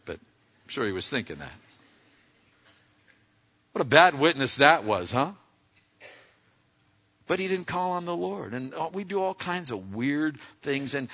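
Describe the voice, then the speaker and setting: A man preaching a sermon in a folksy, conversational way, swinging between loud emphatic lines and quiet asides and acting out quotes. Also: medium pitch. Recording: dull lo-fi sound.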